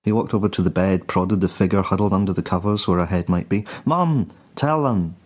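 A man reading a dark comic story in a dry, deadpan way. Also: deep voice, fast talker. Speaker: narrator.

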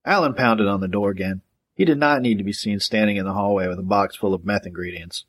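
A man narrating a gritty crime novel in a steady, matter-of-fact audiobook reading. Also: lowish voice, fast.

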